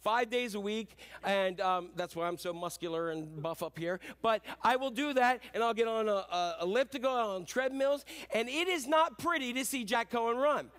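A man's voice: very high-pitched, normal speed, few pauses, fairly bright tone. A man in his fifties preaching a sermon, joking at his own expense in a folksy, rambling way. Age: 50s. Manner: self-deprecating, folksy storytelling with many fillers. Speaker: pastor.

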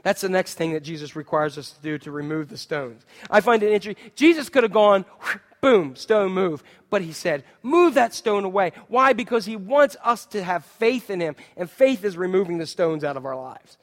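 High-voiced preacher in a reverberant hall. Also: male voice, lively intonation, normal speed. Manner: dynamic preaching, swinging from loud emphatic to hushed. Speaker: pastor. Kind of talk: sermon.

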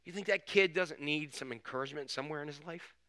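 A man's voice: a little high, quick pace, bright, forceful tone. A male pastor giving a casual, storytelling sermon with frequent restarts. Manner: conversational, storytelling, full of restarts.

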